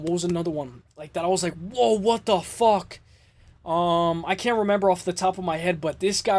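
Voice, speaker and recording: In a high-pitched voice with no echo, a man hosts a laid-back MMA podcast. He gets worked up dissecting fights, cursing and going over the same points again.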